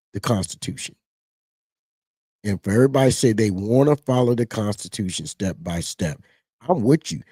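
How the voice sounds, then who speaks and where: A man talking in a casual, rambling political commentary, animated and mocking. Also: mid-range voice, slightly rough, dry recording. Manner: animated, rambling, mocks others in put-on voices.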